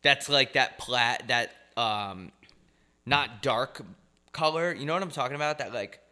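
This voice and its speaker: A young man in casual comedic banter as co-host, ranting and mocking with plenty of swearing, sometimes getting loud. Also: medium pitch, a little slow.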